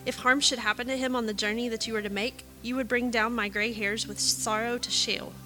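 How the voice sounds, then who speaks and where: A woman reading the lines of a grieving old father who fears losing his youngest son, in a measured way. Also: a little high, fairly even intonation, pushed and bright, faint music behind. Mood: sorrowful.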